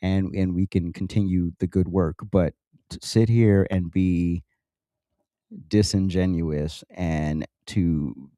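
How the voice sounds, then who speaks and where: A man's voice: low-pitched, fairly even intonation, slow, warm tone, no room sound, studio quality. A man hosting a political commentary show, ranting emphatically with sarcastic asides and plenty of repetition. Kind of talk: political rant monologue.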